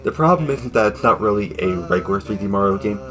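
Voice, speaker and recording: A man's voice: fairly low pitch, expressive, quick pace, over music. A man narrating a casual video review in an offhand, sarcastic way, dropping joking asides. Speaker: YouTube reviewer.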